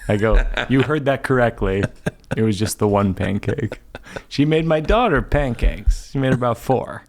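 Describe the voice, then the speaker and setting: A man hosting a podcast, a comedian working out a stand-up bit in conversation with a wry, deadpan delivery. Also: mid-range voice, normal speed.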